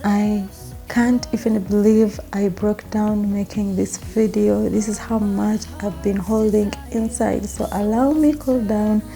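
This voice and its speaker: A woman's voice: mid-range voice, steady tone, measured pace, creaky, dark tone, soft background music. A young woman records a personal vlog, talking through tears and apologizing as she breaks down. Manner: tearful, breaking down. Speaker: vlogger.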